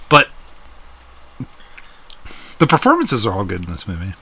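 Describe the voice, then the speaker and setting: A man's voice: lowish voice, huge pitch swings, takes it slowly, pushed and bright, breathy edge. A man co-hosting a film podcast in casual chat, laughing a lot and acting out quotes. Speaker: podcast co-host.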